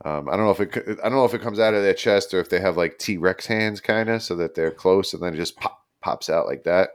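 A man's voice: low-pitched, quick pace. A man co-hosting a casual podcast, explaining animal facts in a laid-back, loose way. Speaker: podcast co-host. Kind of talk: casual chat.

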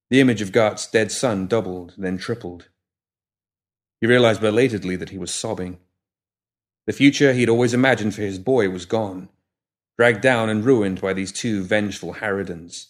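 A man narrating a fantasy story in a measured, dramatic reading. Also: fairly low pitch, steady tone. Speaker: narrator and host. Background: music at the outro.

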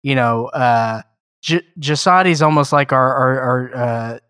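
A man's voice: mid-range voice, a little slow, a bit bright, clear, resonant tone, no echo. Joking man co-hosting, dry close sound. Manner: rambling and jokey, mock-formal asides. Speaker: podcast co-host. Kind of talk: casual chat.

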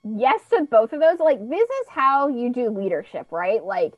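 A woman with a slightly high voice gives emphatic opinions in casual podcast chat. Her mic sounds dry and a little dull. She talks with plain enthusiasm. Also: big pitch swings, moderate pace, no echo. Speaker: podcast co-host. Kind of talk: casual chat recapping a TV episode.

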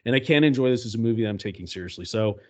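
A man's voice: fairly low pitch, animated, very fast, darkish tone. A man co-hosting a casual movie podcast, sardonic and swearing freely, laughing often. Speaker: podcast co-host. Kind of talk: casual chat.

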